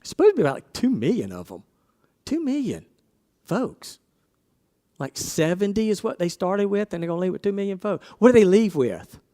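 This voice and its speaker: A man's voice: high-pitched, big pitch swings, brisk, warm tone. A man preaching a casual sermon, asking his congregation questions and acting out quoted voices.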